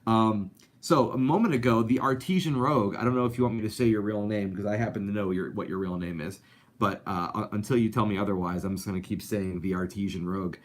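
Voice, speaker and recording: A man's voice: lowish voice, steady tone, fast talker. A man hosting a live animation talk show, chatting casually and reading out viewer comments with lots of fillers. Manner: chatty, upbeat, rambling with many fillers.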